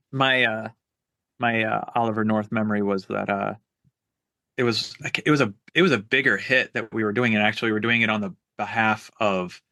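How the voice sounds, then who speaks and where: Man, podcast chat, bright voice, dry sound, laughs a lot. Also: on the low side, no echo. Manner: laughs often, mimics others in anecdotes. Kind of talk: casual chat.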